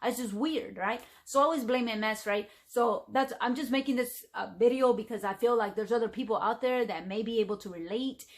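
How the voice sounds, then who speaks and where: A woman's voice: fairly high pitch, a little fast, few pauses. A middle-aged woman from the United States talking casually to camera as a vlogger, rambling with lots of fillers. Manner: chatty, rambling, frequent fillers.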